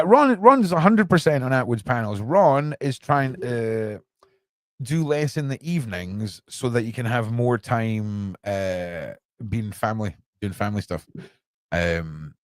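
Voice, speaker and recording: A man's voice: lowish voice, no room sound. A British man hosting a podcast from a small room at home, rambling through news commentary with lots of rhetorical questions. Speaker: podcast host.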